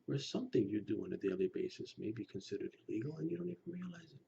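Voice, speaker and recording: Low gravelly-voiced man, earnest and emphatic. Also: very animated, racing. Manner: earnest and emphatic, drops to a hushed near-whisper on key points. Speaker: Lukumi practitioner speaking to his channel. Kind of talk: personal commentary to camera. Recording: slightly dull recording with faint background noise.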